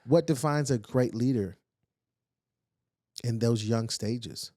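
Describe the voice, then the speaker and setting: A man's voice: mid-range voice, takes it slowly, warm tone, dry recording, studio quality. A man hosting a podcast interview, talking reflectively and asking searching questions. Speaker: podcast host. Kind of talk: casual conversational interview.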